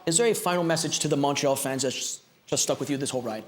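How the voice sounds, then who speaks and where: A man's voice: medium pitch, quick pace. A man hosting a live event, rallying the crowd and thanking his guest. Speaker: host. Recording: echoey room, loud crowd noise.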